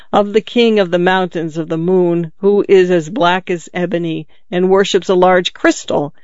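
Man, fairy-tale narrator, calm measured reading, smooth clear voice, dull lo-fi dry recording. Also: high voice, dry recording. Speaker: storyteller.

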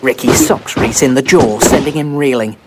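A man narrating scripted audio description in an even, matter-of-fact way. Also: mid-range voice, normal speed, very noisy. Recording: narration over loud film soundtrack.

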